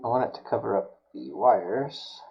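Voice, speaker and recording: A man's voice: lowish voice, expressive, normal speed, gravelly, muffled recording. A man streaming while he builds a prop, talking casually and muttering to himself, with mild self-scolding as things go wrong.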